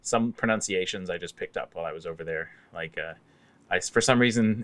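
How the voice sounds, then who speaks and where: A man with a voice that sits a little low, talking casually on a podcast. He is easygoing and wry, with lots of "um" and "you know" as he tells his stories. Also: a little fast, fairly bright tone. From Canada. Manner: easygoing storyteller, frequent fillers and wry humor. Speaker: guest.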